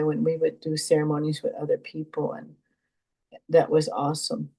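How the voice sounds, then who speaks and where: Older elder woman, soft mellow voice, slow heartfelt storytelling with lots of pauses. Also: lowish voice, poor audio. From Canada. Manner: gentle, heartfelt, speaks with repetitions and pauses. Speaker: Elder and knowledge keeper. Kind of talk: reflective storytelling teaching.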